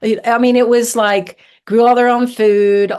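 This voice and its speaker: A woman from southern Ohio, a guest on a podcast, telling stories in an animated, chatty way with many fillers. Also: on the high side, a little slow, smooth. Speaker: herbalist guest. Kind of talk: casual storytelling interview.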